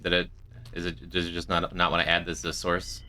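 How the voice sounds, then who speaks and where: A man's voice: deep voice, completely flat delivery, a little fast, pushed and bright, a little hiss or hum. A young man streaming a game, chatting and joking with his chat as he plays. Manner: chatty, joking, reads and answers chat while playing. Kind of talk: casual gameplay commentary chatting with chat.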